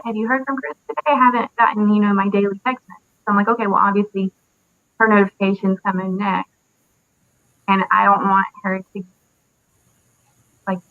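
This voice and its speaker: A young woman in her twenties, an interview guest, recalls a painful loss in a halting way, with many fillers and pauses. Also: medium pitch, no echo. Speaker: interview guest, military widow. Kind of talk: emotional personal recollection. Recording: dry tinny phone-like audio.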